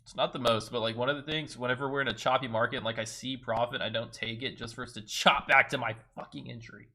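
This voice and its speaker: A man's voice: mid-range voice, steady tone, quick pace, sharp tone. A young man chatting casually on a trading livestream, swearing freely and talking to his chat. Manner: swearing, laid-back, talks to chat.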